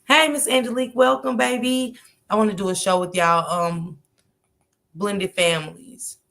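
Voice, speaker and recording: Chatty woman hosting a livestream, gravelly. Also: mid-range voice, steady tone, normal speed, fairly bright tone. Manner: chatty, greets commenters by name, slangy. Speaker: livestream host. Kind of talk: casual livestream chat greeting viewers.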